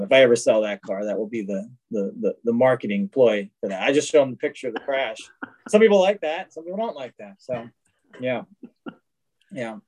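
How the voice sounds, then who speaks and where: A man's voice: medium pitch, darkish tone, rough recording. A man as an interview guest, telling casual stories about his race cars with many restarts and acted-out quotes. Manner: rambling anecdotes with frequent restarts and acted-out quotes. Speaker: guest, race car collector. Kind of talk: casual storytelling.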